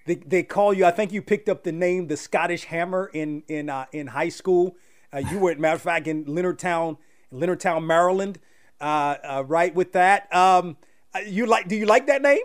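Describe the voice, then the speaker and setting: A man hosting an interview, asking questions in a halting way with many fillers. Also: sits high. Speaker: radio host.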